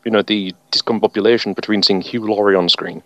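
A man's voice: fairly low pitch, fairly even intonation, fast, fairly bright tone, no echo, muffled recording. A man hosting a podcast, chatting casually in a wry, jokey way. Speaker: podcast host. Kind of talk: casual chat.

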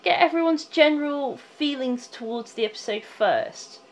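A woman's voice: on the high side, expressive, unhurried, low-quality recording. A woman hosting a casual panel chat, chatty and playful as she steers the talk. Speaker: podcast host.

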